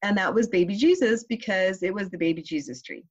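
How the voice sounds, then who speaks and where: Mom sharing a story, heartfelt, slow and halting, a bit muffled clip. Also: female voice, medium pitch, slightly rough. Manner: heartfelt, hesitant, with pauses and restarts. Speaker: interview guest, mother. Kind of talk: personal storytelling. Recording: slightly muffled podcast clip.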